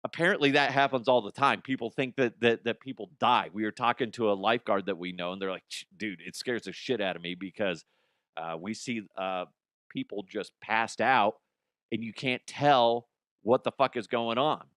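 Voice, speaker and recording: A man's voice: lowish voice, moderate pace, fairly bright tone, no room sound, studio quality. A middle-aged man hosting a comedy podcast, telling profane, rambling stories and acting out the people in them. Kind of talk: crude comic storytelling.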